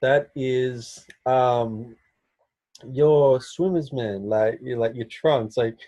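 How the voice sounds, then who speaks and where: A man's voice: medium pitch, slow, mellow. Laid-back young Australian man. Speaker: guest. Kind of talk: casual chat over video call. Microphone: video call.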